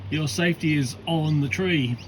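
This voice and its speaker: A man's voice: a little high, moderate pace, background noise. A man, chatting casually to his camera and his cats as he carries garden creatures back outside. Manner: chatty, fond running commentary to animals and camera. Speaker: pet owner filming his cats. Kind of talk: casual vlog commentary. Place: backyard garden at night. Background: faint night ambience with frogs and crickets.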